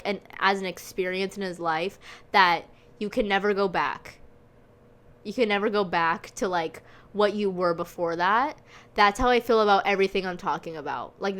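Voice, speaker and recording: A woman's voice: medium pitch, a bit bright. A woman hosting her own podcast, rambling and gushing in a casual solo monologue, swearing freely and leaning on lots of fillers. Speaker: podcast host.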